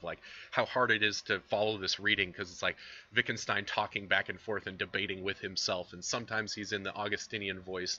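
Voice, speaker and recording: Bright-voiced casual male lecturer, lo-fi. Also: low voice. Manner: casual, conversational explaining with fillers and asides. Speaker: philosophy instructor. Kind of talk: recorded online lecture.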